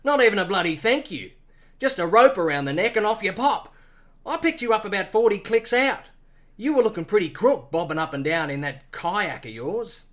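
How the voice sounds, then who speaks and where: A narrator voicing a brash, chatty male Australian bush pilot with a put-on broad Australian accent, loud and full of slang and swearing. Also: medium pitch, expressive, normal speed, natural voice.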